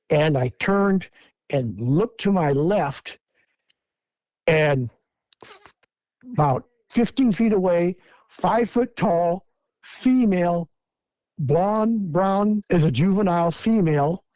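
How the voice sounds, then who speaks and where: A man's voice: a little high, a little mellow, dry recording. Older man telling a story, dry sound. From Washington State, US. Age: 70s. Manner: vivid step-by-step retelling, acting out quoted lines. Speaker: guest eyewitness. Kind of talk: first-person storytelling.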